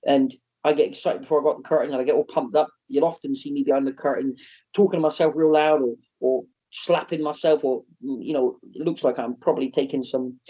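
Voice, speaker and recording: A man telling animated, self-mocking stories on a podcast, often restarting and laughing. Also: mid-range voice, fast talker, husky. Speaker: wrestler and wrestling promotion owner. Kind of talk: podcast interview storytelling. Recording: slightly muffled podcast audio.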